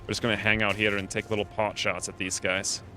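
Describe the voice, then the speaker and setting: A man's voice: fairly low pitch, level tone, a little fast, over music. A man giving playful live commentary while streaming a game, coining silly nicknames as he plans each move.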